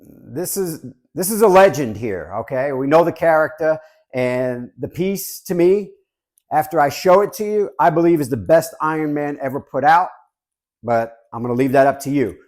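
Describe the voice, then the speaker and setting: Chatty higher-voiced man in his fifties. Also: expressive, moderate pace, a little mellow. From Southern California. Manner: chatty, joking, repeats "guys". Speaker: collectibles reviewer. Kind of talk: casual chat to camera.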